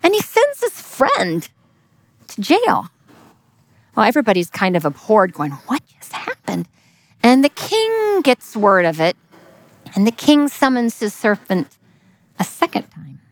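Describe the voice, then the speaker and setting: A woman delivers a devotional message, telling a parable slowly and with a lot of pitch movement. Her voice sits fairly high and she drops into whispers to stress key points. The sound is dry and close. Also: no room sound. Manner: expressive, drops to a whisper for emphasis. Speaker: speaker giving a devotional message. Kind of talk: sermon storytelling.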